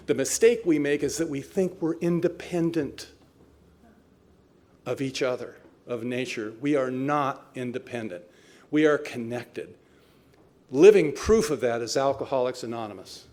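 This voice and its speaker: A man's voice: medium pitch, moderate pace, darkish tone. A man in his seventies giving a personal talk at a recovery meeting, telling his story in a wry, self-mocking way. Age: 70s.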